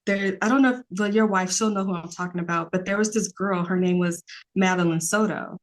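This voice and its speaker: A woman's voice: medium pitch, fairly quick. A woman, a podcast guest talking earnestly in a rambling casual way, with many fillers.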